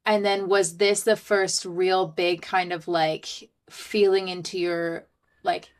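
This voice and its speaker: A young adult woman hosting a podcast, gently affirming and asking rambling follow-up questions. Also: lowish voice, level tone, takes it slowly. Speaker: podcast host. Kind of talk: casual interview chat.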